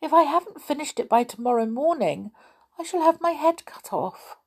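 Tearful young girl in a fairy tale, high pleading voice , read by a woman. Breathy tone. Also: sing-song, moderate pace, darkish tone, full character voice. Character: frightened young miller's daughter.

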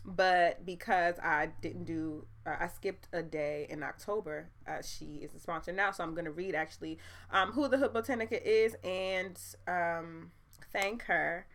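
A young woman hosting her own podcast as a live stream, chatting straight to her audience in an animated way and laughing often. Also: lowish voice, measured pace. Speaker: podcast host. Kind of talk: casual live-stream chat.

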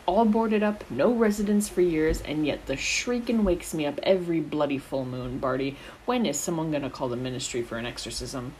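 A woman's voice: deep voice, lively intonation, moderate pace, few pauses, darkish tone, a little hiss or hum. A woman doing a fretful old Scottish man. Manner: insistent, worried.

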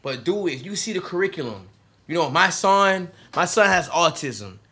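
A man in his thirties telling stories in a casual group chat, animated and repeating words as he gets going. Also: high voice, moderate pace. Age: 30s. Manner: animated storyteller, repeats words when excited.

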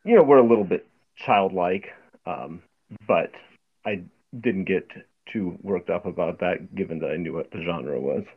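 A man guest on a book podcast, speaking thoughtfully with many pauses and ums. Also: deep voice, slightly rough. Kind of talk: casual book club chat. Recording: dull lo-fi sound.

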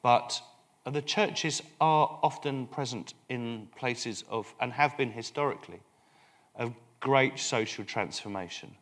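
An English man, a priest speaking as the guest at a live public conversation, animated and full of halting restarts. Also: mid-range voice. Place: London event hall.

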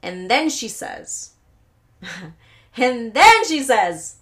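A young woman hosts a solo podcast in a slightly high, slightly bright voice, very animated yet very slow and pausing often. Her casual storytelling rambles, with lots of swearing and laughing asides.

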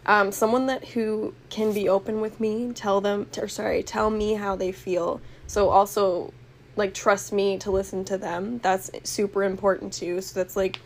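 A young woman of ordinary pitch talks easily and thoughtfully as a podcast co-host. Her talk is casual and full of "like" and "um." Faint background noise sits under her voice. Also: moderate pace. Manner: relaxed, thoughtful, says "like" and "um". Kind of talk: casual chat.

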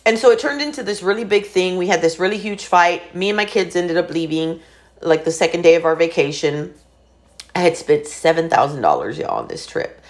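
A woman's voice: fairly low pitch, lively intonation, normal speed. A woman in her forties candidly telling a personal family story in a chatty, profane way, with lots of fillers. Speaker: vlogger.

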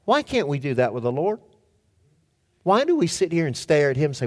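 A man preaching a sermon, telling stories and firing rhetorical questions at his audience with animated swings in pitch and volume. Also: a little fast, long pauses. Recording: long hall reverb.

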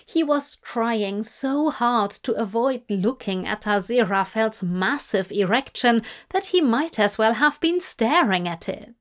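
Slow, measured woman narrating a story. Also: fairly high pitch, expressive. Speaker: audiobook reader. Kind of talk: scripted narration of fan fiction.

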